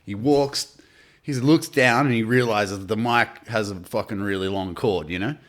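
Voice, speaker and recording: An Australian man in casual podcast chat, telling animated anecdotes and swearing freely. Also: fairly low pitch, normal speed. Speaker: podcast guest, artist.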